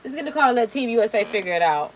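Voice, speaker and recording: A woman's voice: fairly high pitch, expressive, rapid-fire, a little hiss or hum, rough recording. A woman chatting casually while doing her makeup on camera. She talks in slang and repeats words for emphasis. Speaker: beauty vlogger.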